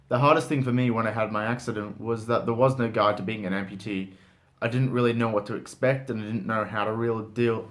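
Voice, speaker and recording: A man's voice: medium pitch, a bit bright. A man speaking frankly and casually to camera in a motivational vlog, full of "like" fillers and the odd swear word. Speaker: motivational vlogger.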